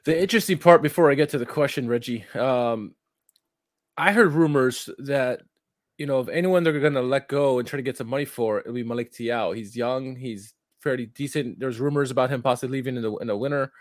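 Male podcast co-host, rambling chat, middle pitch, dry sound. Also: brisk, dry recording. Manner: rambling, self-correcting, loose. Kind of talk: casual football podcast chat.

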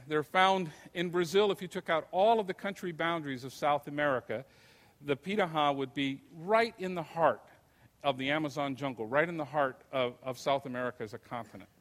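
A man's voice: fairly high pitch, fairly bright tone. Older man lecturing in a reverberant hall. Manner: conversational, unhurried storytelling. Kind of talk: anecdotal lecture.

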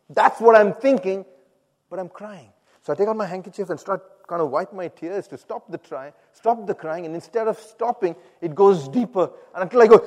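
A man with a slightly high voice tells his personal story to a congregation in a lively, animated way. He acts out the voices of the people in his story and laughs at himself now and then. His voice rings with a long hall reverb. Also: brisk. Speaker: speaker giving a personal testimony.

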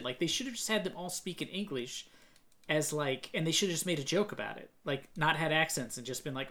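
A speaker in casual chat, reviewing a movie with a co-host in a quick, questioning way. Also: mid-range voice, expressive, a bit bright.

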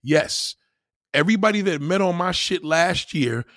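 A man hosting a livestream, ranting loudly and profanely as he reacts to viewer comments. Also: high voice, lively intonation, moderate pace, dry recording, clean studio sound. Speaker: livestream host. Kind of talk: heated livestream rant.

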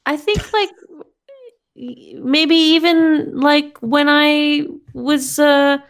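A woman's voice: sits high, drawn-out words. A woman co-hosting a casual chat show, playful and teasing. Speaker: podcast co-host.

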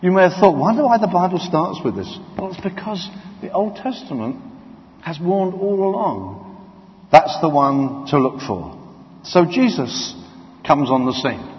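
A man delivers a sermon in a big reverberant hall, with a fairly high voice. He tells the story vividly and acts out the quotes. The recording sounds dull and a little muffled. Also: very animated, unhurried. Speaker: preacher.

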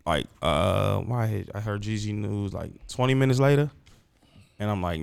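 A grieving man talks loosely in a casual chat, repeating words and circling back on himself. His low voice has a gravelly fry but stays smooth and clear underneath. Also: normal speed. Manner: rambling, emotional, repeats words. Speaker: guest. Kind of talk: casual conversation.

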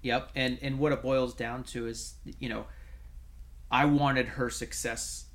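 Guy co-hosting a coaching chat show, gravelly voice, kind of rambly storyteller with lots of restarts. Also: medium pitch, a little slow. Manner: animated storytelling with many restarts and fillers. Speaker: podcast co-host, coach. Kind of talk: casual conversational chat.

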